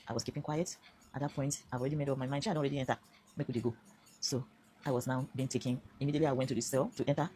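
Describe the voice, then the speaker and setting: Fast-talking Nigerian woman, low voice. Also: fairly even intonation, mellow, a little hiss or hum. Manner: emphatic, earnest, mixes in Pidgin phrases. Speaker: vlogger telling her own story. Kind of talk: personal testimony to camera.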